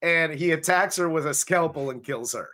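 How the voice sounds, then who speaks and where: Bright-voiced man recapping a movie crudely. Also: fairly high pitch, normal speed. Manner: recaps plot crudely, laughing along. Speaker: podcast co-host. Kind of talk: casual comedic movie review.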